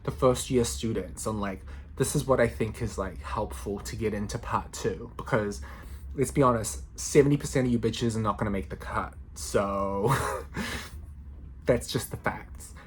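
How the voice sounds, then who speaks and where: A man's voice: fairly low pitch, measured pace, slight background noise. A man in his thirties, a law student, chatting casually to camera in a playful, slangy way, often breaking into laughter. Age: 30s.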